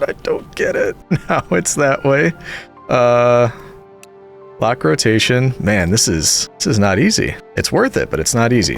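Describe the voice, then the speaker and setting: A man's voice: medium pitch, huge pitch swings, a little slow, vocal fry, soft background music. A young man giving casual let's-play commentary, talking to himself and the game and yelping when things go wrong. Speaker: gaming YouTuber.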